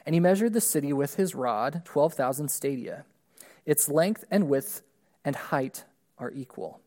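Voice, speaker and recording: A man's voice: a little high, animated, a little mellow. Male pastor reading scripture. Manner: measured reading with emphatic rises on key words. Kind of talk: scripture reading in a church service. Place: church sanctuary during a service.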